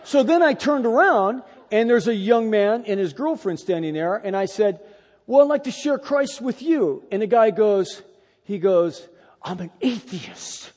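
A middle-aged man preaching a sermon, telling a personal story with animated, emphatic delivery. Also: high-pitched, normal speed, long reverb tail. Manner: animated storytelling, rising to loud emphatic peaks.

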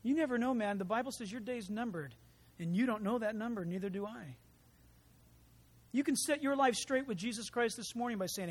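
A man preaching a sermon as pastor, animated, swinging from quiet asides to loud emphatic lines. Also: extremely high pitch, fairly quick.

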